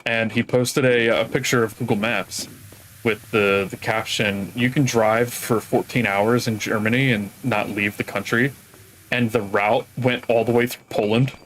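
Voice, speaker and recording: A man's voice: on the low side, fairly even intonation, unhurried, a bit bright, a little hiss or hum, poor audio. A man streaming games, telling long casual stories that trail off and restart. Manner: rambling storyteller, trails off mid-sentence. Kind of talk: casual chat while gaming.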